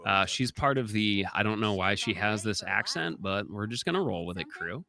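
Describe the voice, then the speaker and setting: A man's voice: fairly low pitch, very animated, normal speed, gravelly, bright, forceful tone. A young man giving chatty, explanatory live commentary during a speedrun, with many filler ums.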